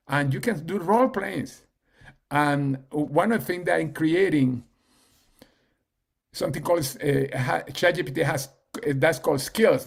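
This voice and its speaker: A man giving a casual team training talk on a video call, halting, with many fillers and restarts. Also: on the high side, gravelly. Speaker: team leader and coach.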